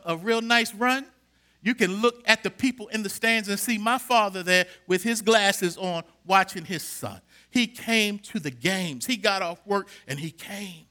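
A man's voice: extremely high pitch, sharp tone. A middle-aged man preaching a sermon in church, building to emphatic bursts and calling out to the congregation. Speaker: pastor.

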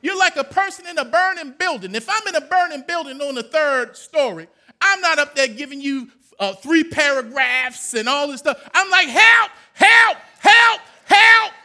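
A man, preaching a sermon that swings from low, quiet talk to loud shouted calls. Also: normal speed. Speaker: pastor.

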